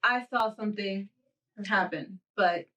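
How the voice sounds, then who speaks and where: A woman's voice: mid-range voice, a little slow, sharp tone, distant mic. A woman hosting a podcast, telling a long dream story in casual chat, acting out the quotes and laughing often. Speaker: podcast host.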